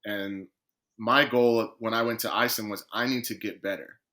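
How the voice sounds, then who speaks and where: A man's voice: fairly low pitch, steady tone, moderate pace, bright, forceful tone. A man, a professional footballer, telling his career story as a guest on a podcast and acting out the conversations he quotes.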